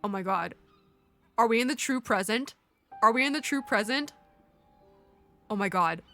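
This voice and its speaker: A woman's voice: on the high side, animated, normal speed, pushed and bright. A woman streamer giving live gameplay commentary, reacting aloud in an emotional, exclamatory way. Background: faint game music.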